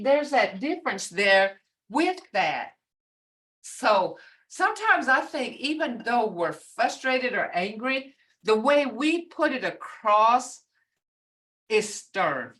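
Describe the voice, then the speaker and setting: A woman's voice: a little high, a bit bright, distant mic. An older woman teaching a beginner language class online, patiently repeating words to show how tone changes their meaning. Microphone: video call.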